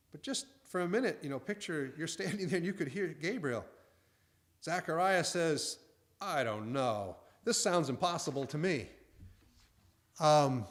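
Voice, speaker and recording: A man preaching a conversational sermon in a folksy way, acting out the angel's and priest's lines. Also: on the high side.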